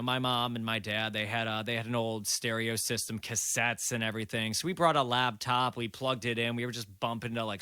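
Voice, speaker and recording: Bright-voiced man in his late twenties. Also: medium pitch, clean tone, no echo, clean studio sound. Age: late 20s. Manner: loose, rambling, swears freely. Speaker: podcast guest. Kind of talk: casual storytelling.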